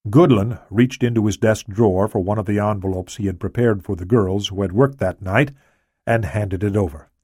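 Steady man reading a thriller. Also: on the low side, normal speed, husky, no echo, studio quality. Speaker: audiobook narrator. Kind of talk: scripted thriller narration.

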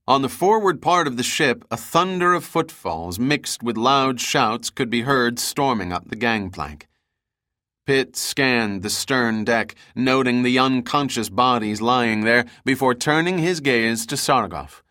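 Forceful male audiobook narrator. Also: mid-range voice, unhurried, dry recording, clean studio sound. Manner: steady dramatic storytelling. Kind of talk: scripted action narration.

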